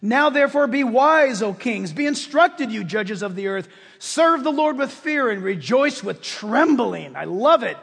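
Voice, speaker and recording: A male pastor with a strikingly high voice preaches with passion and emphasis, often pushing up into shouts. His voice rings through a church with a long, echoing reverb trail. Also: expressive, a little slow, creaky, hardly any pauses, breathy edge. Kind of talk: sermon. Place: church sanctuary with congregation.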